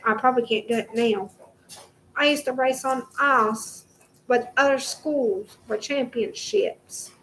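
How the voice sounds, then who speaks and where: High-voiced woman ranting angrily at home. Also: fairly bright tone, slight background noise, rough recording. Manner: heated, swearing, repetitive. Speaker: vlogger. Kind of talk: angry direct-to-camera rant.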